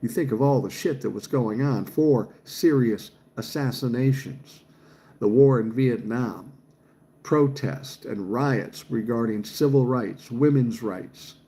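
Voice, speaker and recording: A man's voice: medium pitch, slow pace, mellow. A man, chatting casually on a livestream and reading viewer comments aloud, swearing freely. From Minnesota, USA. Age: 60s. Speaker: livestream host reading chat.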